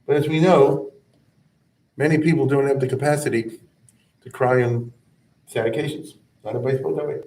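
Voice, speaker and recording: A man's voice: medium pitch, steady tone, a little fast, long pauses, darkish tone. A man teaching a rabbinic class in a conversational style, chanting verses and then explaining them with frequent asides. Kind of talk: informal explanatory lecture. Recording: echoey room, mic at a distance.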